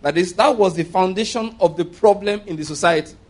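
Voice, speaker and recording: High-pitched preacher man reading scripture. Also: brisk. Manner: reads scripture aloud with emphatic stresses, occasional restarts. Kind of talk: sermon.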